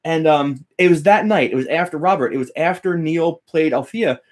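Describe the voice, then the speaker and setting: Excited man telling a story. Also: fairly high pitch, normal speed. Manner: animated, laughing, quoting others with voice changes. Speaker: guitar teacher and YouTuber.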